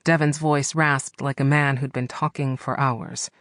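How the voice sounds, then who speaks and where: Casting: male audiobook narrator, mid-range voice, steady read, dry close studio sound. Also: mid-range voice, measured pace, no echo. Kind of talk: scripted narration.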